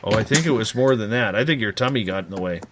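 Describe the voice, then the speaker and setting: A man hosting a late-night radio talk show, animated and teasing as he rants. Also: on the low side, quick pace, over a noisy crowd.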